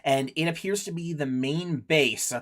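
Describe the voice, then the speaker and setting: A man's voice: on the high side, measured pace, fairly bright tone. Man game master narrating a tabletop game. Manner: rambling, self-interrupting, laughs at himself.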